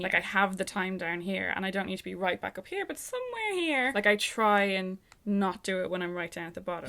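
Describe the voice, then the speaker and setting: A woman's voice: mid-range voice, creaky, fairly bright tone. A woman chatting casually, dry and sarcastic. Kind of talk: casual chat.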